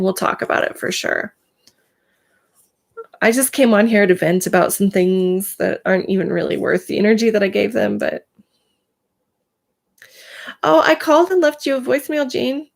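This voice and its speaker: A woman's voice: a little high, vocal fry. A woman hosting a casual live stream, chatting to viewers by name, full of filler words, and in pain today.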